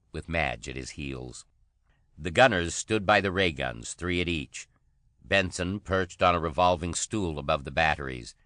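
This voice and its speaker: A man reads an audiobook in a steady, even way. His voice is very deep, with a bright, forceful edge. The recording is dry and close. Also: no echo. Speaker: narrator. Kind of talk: audiobook narration.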